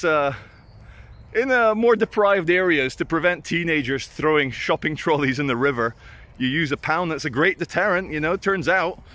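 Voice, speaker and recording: Man, fairly high voice, blunt self-mocking storyteller, swears freely, outdoors. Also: fairly bright tone. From Britain. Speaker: vlogger telling stories. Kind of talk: casual storytelling. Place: outdoors at sunrise.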